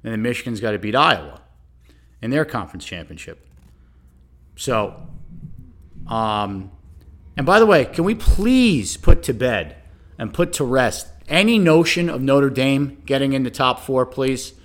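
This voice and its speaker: A man's voice: mid-range voice, animated, measured pace, long pauses. A middle-aged man hosting solo sports commentary, ranting sarcastically and turning to listeners with "okay?" asides. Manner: ranting, sarcastic, rising to exasperated outbursts; addresses listeners directly, frequent "okay?" asides. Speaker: sports talk host.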